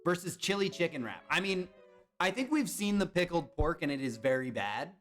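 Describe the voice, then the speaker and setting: A man's voice: a little high, normal speed, faint music behind. A young man streamer chatting casually and reacting to viewers' comments while playing browser games. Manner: animated, chatty, reads and answers chat. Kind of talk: casual live-stream chat.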